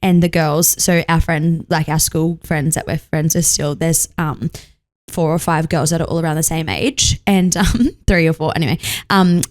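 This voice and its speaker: A woman's voice: deep voice, steady tone. A woman in her thirties hosting a podcast, chatting in a friendly, encouraging way. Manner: friendly, encouraging, quick to laugh. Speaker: podcast host. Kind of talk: casual chat.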